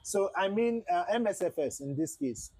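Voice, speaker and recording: A man livestreams a flight simulator and chats with his viewers in a loose, repetitive way. His voice sits a little high and has a husky grain. The sound is close and dry, like a desk mic in a small room. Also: animated, normal speed, darkish tone, dry recording, poor audio. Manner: chatty, repeats himself, talks to chat. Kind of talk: casual livestream commentary.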